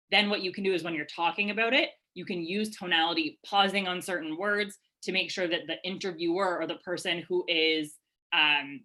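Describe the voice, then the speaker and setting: A woman presenting a live webinar over a video call, answering attendees' questions in an energetic, chatty way with lots of fillers. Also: fairly low pitch, low-quality recording. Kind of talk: live webinar Q&A, casual coaching. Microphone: webcam video call.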